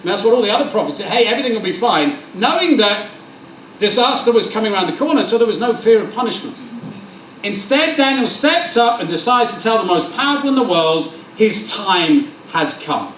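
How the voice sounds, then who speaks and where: A man preaching a sermon, his pitch high and swooping as he acts out dialogue and jokes with the congregation. His voice rings through a roomy church hall, picked up from a little way off the mic, with faint room ambience behind him. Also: brisk, recorded from a distance, slight background noise. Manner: animated, joking, acts out dialogue. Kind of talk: lively sermon with storytelling.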